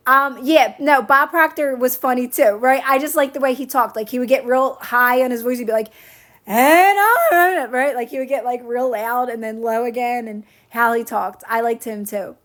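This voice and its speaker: In a relaxed live-stream chat, a woman responds to comments and coaches her viewers, reassuring them by repeating her phrases. Her voice is on the high side and a bit bright, with a steady tone, moderate pace and hardly any pauses.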